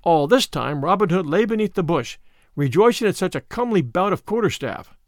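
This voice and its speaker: A man narrating an old adventure story with a high, lively voice. His storytelling stays animated throughout. The recording is close and dry. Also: brisk, dry recording. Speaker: audiobook reader.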